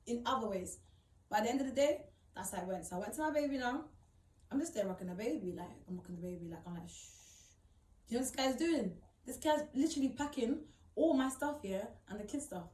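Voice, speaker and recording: A woman's voice: fairly high pitch, a little mellow, recorded from a distance. A woman tells her own story in emphatic, repetitive, slang-heavy talk. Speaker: storyteller recounting her experience. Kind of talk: personal storytelling. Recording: roomy, voice off-mic.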